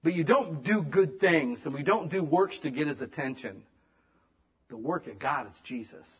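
A man giving a sermon in a casual, conversational way, swinging between emphatic loud lines and hushed ones. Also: fairly high pitch, lively intonation, moderate pace, slightly rough. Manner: casual, conversational preaching with slang. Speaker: pastor.

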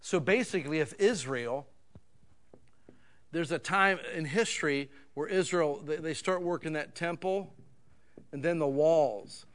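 A man preaching a sermon in a folksy, conversational way, swinging between loud emphatic bursts and quiet asides. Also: on the high side, a little slow. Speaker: pastor.

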